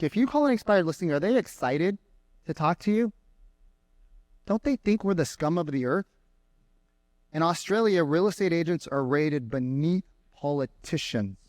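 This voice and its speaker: A man speaking as a sales trainer to a live audience, energetic and mocking as he acts out callers. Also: fairly high pitch, no room sound. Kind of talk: keynote talk to a live audience. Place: conference room with an audience.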